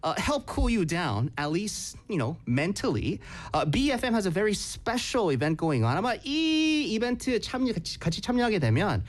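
Brief: quick, animated male radio host, bilingual patter. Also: sits high. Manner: rapid switching between English and Korean, animated.

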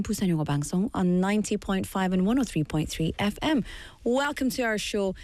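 Slightly hoarse, chatty woman radio host. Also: medium pitch, darkish tone, dry recording. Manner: chatty, self-correcting. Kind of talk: bilingual radio chat.

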